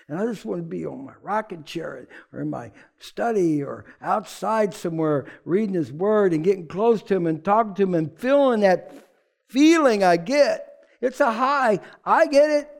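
A male pastor gives a loose, conversational sermon in a fairly high voice with a rough, gravelly edge. He is emphatic and informal, and at times he sinks into a quiet, heartfelt hush. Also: lively intonation, moderate pace. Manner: informal and emphatic, drops to a hushed, emotional tone.

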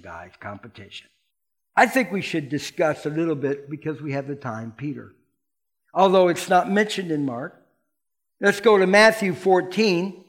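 Animated high-voiced male preacher. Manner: animated, playful preaching that asks the congregation questions and acts out quotes. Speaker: pastor. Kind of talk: sermon.

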